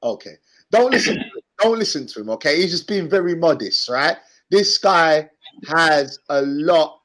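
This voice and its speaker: A man's voice: a little high, expressive, moderate pace, a bit bright, low-quality recording. A man with a Cockney accent hosting a casual live stream, chatty and upbeat, repeating phrases for emphasis. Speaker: vlogger and live-stream host.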